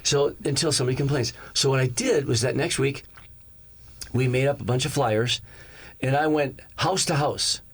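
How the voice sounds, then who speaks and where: A male pastor telling a story to his congregation. His delivery is lively, and he slips into the voices of the people in the story, bouncing up in pitch to play them. His own speaking voice sits at a middle pitch for a man. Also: moderate pace, breathy edge. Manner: animated, acts out each character's lines in the story. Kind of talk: storytelling sermon.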